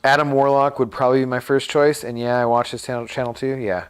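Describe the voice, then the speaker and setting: A man's voice: mid-range voice, little pitch movement, fast talker, clear, resonant tone, soft background music. A man streaming a game live, chatting casually and thinking aloud with lots of fillers.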